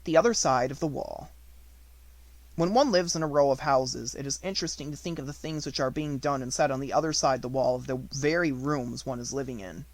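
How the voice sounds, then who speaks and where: A man reading a classic novel aloud as an audiobook narrator, in a steady, even storytelling voice. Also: mid-range voice, a little fast, poor audio.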